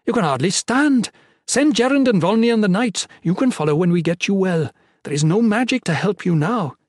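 A man voicing a brisk, practical half-elf woman healer who gives firm, commanding orders. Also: mid-range voice, lively intonation, a little mellow, dry recording, studio quality, voice pushed up, natural voice. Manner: firm, commanding, dryly teasing.

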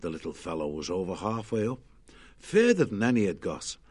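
A man narrating a children's storybook in a lively, expressive way. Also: sits low, fairly quick, slightly rough.

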